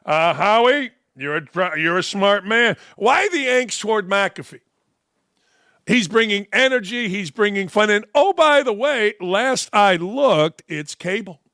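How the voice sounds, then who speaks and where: A man's voice: sits high, lively intonation, measured pace, bright, forceful tone, no echo, studio quality. A man in his sixties hosting a show, ranting in a mocking, sarcastic way with heavy emphasis. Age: 60s. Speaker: host. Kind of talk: sarcastic commentary rant.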